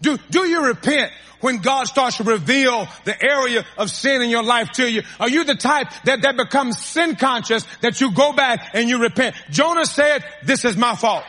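A man's voice: extremely high pitch, lively intonation, normal speed, hardly any pauses, sharp tone, long reverb tail. A man preaching a sermon, calling to his congregation and repeating phrases to drive points home.

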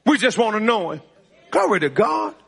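Man, pastor, very high voice, animated delivery, laughing often. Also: moderate pace, gravelly, husky. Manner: preaching with call-and-response, frequent laughter. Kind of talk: sermon. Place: church sanctuary.

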